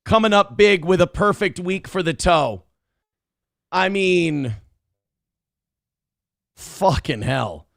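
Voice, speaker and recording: Excitable cursing guy hosting a live stream, high gravelly voice, thanking everyone. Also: slow, pauses often, no echo, clean studio sound. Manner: profane, excitable, thanks viewers effusively. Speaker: livestream show host. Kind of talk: casual live show, reading out donations.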